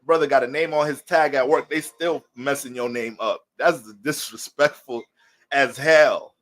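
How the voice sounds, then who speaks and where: A man's voice: medium pitch, fairly even intonation, measured pace, a bit bright. A man giving a casual astrology talk that drifts into joking, profane storytelling, speaking loosely to his viewers as family. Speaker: astrology reader.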